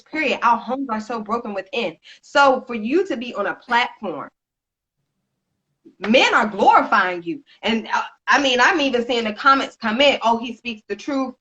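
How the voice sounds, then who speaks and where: A woman's voice: on the high side, animated, moderate pace, fairly bright tone, highs cut off. A woman co-hosting a casual chat, sassy and full of rhetorical questions, calling listeners honey. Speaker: co-host.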